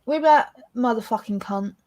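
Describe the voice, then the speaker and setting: A woman's voice: a little high, brisk, dark tone. Blunt, sweary English woman. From England. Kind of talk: casual chat.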